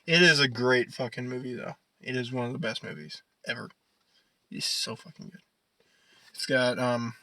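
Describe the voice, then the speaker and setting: Young man ranting casually, bright tone. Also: medium pitch, rough recording. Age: young adult. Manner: rambling, profane, laughs often. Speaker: podcast co-host. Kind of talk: casual chat.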